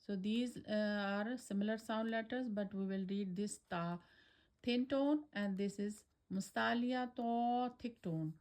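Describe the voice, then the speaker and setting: A woman Quran teacher, slowly drilling letter sounds one syllable at a time, with drawn-out repetitions. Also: mid-range voice, darkish tone.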